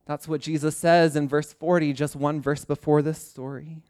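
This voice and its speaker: A man's voice: a little high, level tone, moderate pace, few pauses, darkish tone, clear, resonant tone, dry recording, clean studio sound. A man preaching a sermon, impassioned, building his points through repeated refrains. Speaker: pastor.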